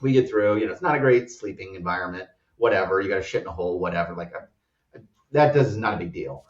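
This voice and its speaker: A man's voice: deep voice, quick pace. An American man who co-founded a startup, telling a travel story as a guest in a loose, rambling way full of "like" fillers. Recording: roomy, distant, dull-sounding audio.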